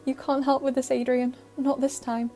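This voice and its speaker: A woman voicing a sad, tearful teenage girl in an audio fan-fiction reading, speaking quietly and haltingly. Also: high voice, flat delivery, soft background music.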